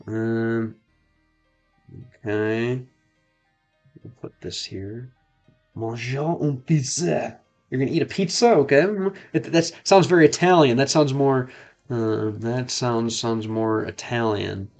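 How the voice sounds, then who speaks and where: Over faint music, a mid-range, darkish-toned man from the United States chats casually while streaming a game. He is learning French and speaks haltingly, trying out phrases and frequently backing up to repeat them.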